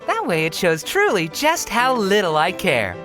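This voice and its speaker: Jax, a smug cartoon rabbit. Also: male voice, sits high, wildly swooping pitch, moderate pace. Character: sarcastic, mean-spirited male cartoon rabbit. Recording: clip with music behind.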